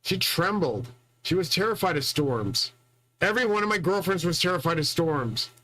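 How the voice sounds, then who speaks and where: A man's voice: fairly high pitch, lively intonation, moderate pace, sharp tone, poor audio. A man hosting his own channel, talking in a boastful, profane, rambling solo monologue full of restarts. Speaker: channel host.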